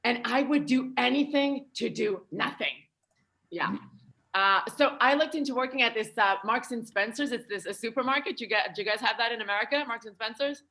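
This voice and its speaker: A woman's voice: fairly high pitch, a little fast, pushed and bright. A young woman from France doing a stand-up comedy set, chatty and playful, with light laughter in her delivery.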